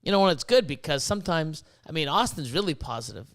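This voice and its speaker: A man hosting a podcast, chatting casually in a rambling, profane and animated way. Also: a little high, quick pace. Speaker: podcast host.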